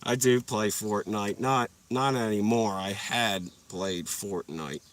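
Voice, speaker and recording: A man's voice: on the low side, slow, a bit bright, far from the mic, slight background noise. A young man telling rambling, profane stories while sitting in his parked car, laughing at his own jokes. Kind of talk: casual storytelling livestream.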